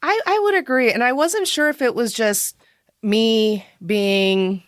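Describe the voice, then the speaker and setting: A woman co-hosting a podcast in casual chat, animated and expressive and quick to laugh. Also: on the high side, dry recording, studio quality. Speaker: podcast co-host.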